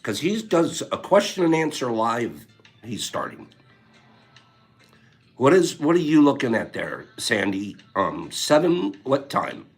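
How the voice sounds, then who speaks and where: Male livestream host, chatty and teasing, animated voice over soft music. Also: medium pitch, measured pace. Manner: rambling, teasing, laughs often. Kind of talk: casual chat reading viewer comments.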